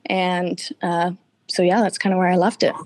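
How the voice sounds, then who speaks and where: A woman's voice: on the low side, level tone, normal speed, a little mellow, no echo. A woman guest giving a candid, emotional personal account in an interview, tearful at times.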